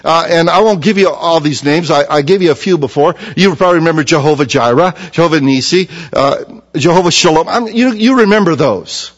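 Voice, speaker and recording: A man preaching a sermon with a fairly high voice. He hammers his points by repeating key phrases and sinks into a hushed, low tone to drive them home. The sound carries a long reverb, like a large hall. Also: brisk, muffled recording.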